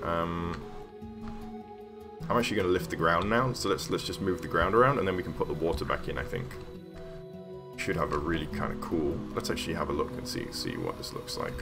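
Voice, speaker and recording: A man's voice: sits low, expressive, brisk, gravelly. A man streaming casually as he builds a game level, telling a rambling story full of ums and self-corrections. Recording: streamed voice over background music. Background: background music.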